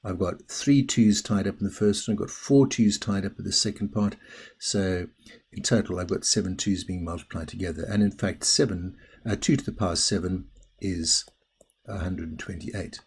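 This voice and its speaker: A man's voice: deep voice, fairly even intonation, normal speed, a little mellow, breathy edge. A middle-aged man teaching a recorded maths lesson in a chatty, self-deprecating way, explaining each step as he goes.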